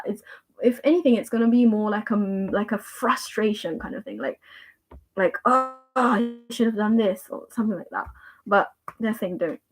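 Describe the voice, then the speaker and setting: On a livestream, a young woman gives a tarot reading in a gentle, reassuring tone, her medium-pitched voice rambling casually. She leans heavily on fillers and repeats her words often.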